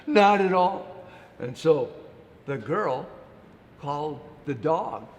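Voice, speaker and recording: Playful male storyteller for small kids, high lively voice, unhurried, boomy reverberant room. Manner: animated, acts out the story with playful character voices. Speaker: children's storytime presenter. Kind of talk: storytelling to young children. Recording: echoey room with long reverb.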